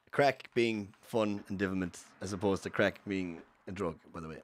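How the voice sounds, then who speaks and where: A man's voice: low-pitched, fairly even intonation, brisk, few pauses. An Irish man giving casual, rambling speedrun commentary over gameplay, full of fillers and self-corrections. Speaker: streamer.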